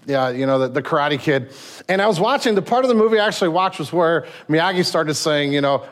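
A man preaching a sermon from a church sanctuary. His voice sits fairly high, and he tells stories animatedly, often restarting his sentences as he goes. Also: quick pace. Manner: animated storytelling with frequent restarts. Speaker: pastor.

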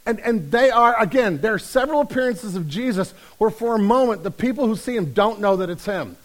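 High-voiced man preaching a lively sermon. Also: a little fast, poor audio. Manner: lively storytelling, acts out quoted voices; humorous, conversational preaching. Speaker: pastor.

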